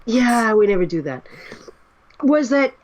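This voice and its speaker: A woman co-hosting a casual fan podcast, animated and explaining at length. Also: a little high, measured pace. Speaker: podcast co-host.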